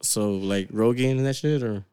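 A man's voice: lowish voice, moderate pace, mellow, clear, resonant tone, dry recording, clean studio sound. A young man trading crude jokes as a podcast co-host, laughing often and calling his friend "fool". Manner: laughs a lot, slangy, says "fool". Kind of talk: crude casual banter.

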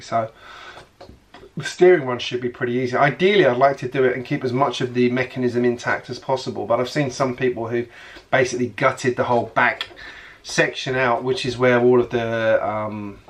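A man chatting casually on his hobby vlog, rambling along with lots of fillers and restarts. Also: mid-range voice. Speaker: Lego hobby vlogger.

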